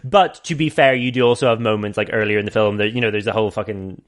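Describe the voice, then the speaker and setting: A man with a fairly low voice talks through an old film on a podcast. His talk is loose and rambling, peppered with swearing and frequent laughter. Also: fairly even intonation, quick pace. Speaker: podcast host. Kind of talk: casual podcast chat explaining a film.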